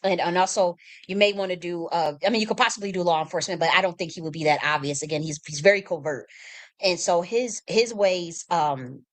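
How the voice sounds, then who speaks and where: A woman's voice: fairly low pitch, brisk. Blunt, emphatic woman livestreaming. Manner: blunt and emphatic, with frequent restarts and swearing; shifts into mock-quoting herself and others. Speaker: livestream host. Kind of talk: casual livestream commentary.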